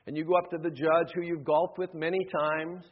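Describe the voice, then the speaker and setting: Male pastor, husky voice, sermon with acted-out voices, dull sound, long hall reverb. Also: a little high, level tone, a little fast. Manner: acts out voices in stories, shifts between shouting and hushed tones. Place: church sanctuary.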